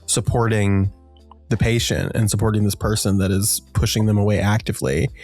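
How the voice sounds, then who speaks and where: Low-voiced man rambling about songs. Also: little pitch movement, brisk, a little mellow, soft background music. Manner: rambling, many fillers, breaks into sung lyrics. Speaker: podcast co-host. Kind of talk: casual music discussion.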